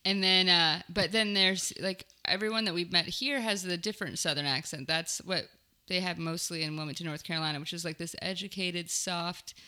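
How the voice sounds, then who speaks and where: Chatty bright-voiced young woman. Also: lowish voice, brisk, few pauses. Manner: chatty, rambling, laughs often. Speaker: touring comedian, guest. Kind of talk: casual chat.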